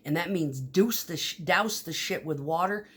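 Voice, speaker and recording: Husky woman just rambling on cam, swears a lot, lots of ums and restarts. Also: fairly low pitch, moderate pace, a bit bright. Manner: profane, storytelling, frequent fillers and restarts. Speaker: vlogger. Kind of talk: casual rambling monologue.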